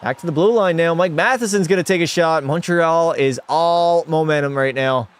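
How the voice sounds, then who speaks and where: A man's voice: on the high side, moderate pace, clear, resonant tone. Chatty young man calling a hockey game. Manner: excitable, chatty, answers chat, mock French-Canadian outbursts. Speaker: streamer and game commentator. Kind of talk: casual live-stream play-by-play commentary.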